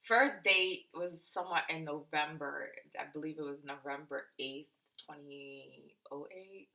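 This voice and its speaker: Woman in her thirties, low pitch, bright tone, teasing and animated, casual couple chat. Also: measured pace, rough recording. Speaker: podcast co-host.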